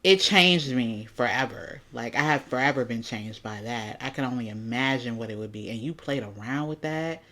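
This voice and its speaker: A woman's voice: rumbling low, normal speed, hardly any pauses, pushed and bright. A woman hosting a reaction video, talking casually in a blunt, indignant and profane way.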